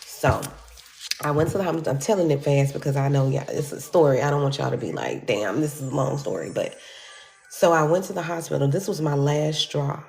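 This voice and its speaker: A woman telling a personal story to her viewers in a casual, animated way, acting out the voices of the people in it. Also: low voice, a little fast, creaky. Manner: animated, acts out quoted voices, addresses viewers as y'all.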